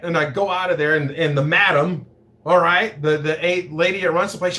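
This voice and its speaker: A man's voice: a little high, steady tone, normal speed, bright, forceful tone. A man hosting his own show, telling a story in a profane, rambling, self-interrupting way. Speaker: podcast host. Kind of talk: casual storytelling.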